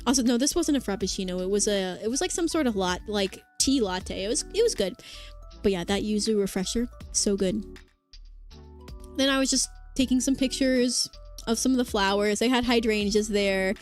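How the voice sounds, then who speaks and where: A woman's voice: mid-range voice, normal speed. A young woman streaming as a vtuber, chatting casually with lots of "like" and "um", her throat sore after hours of talking. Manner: rambling, filler-heavy, reads chat aloud. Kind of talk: casual livestream chat. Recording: faint music behind the voice.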